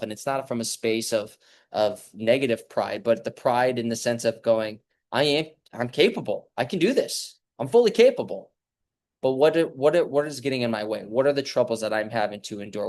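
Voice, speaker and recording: A man's voice: lowish voice, dry recording. Reflective man, dry close sound. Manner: reflective, halting, many fillers. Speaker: clinic host. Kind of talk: casual motivational talk.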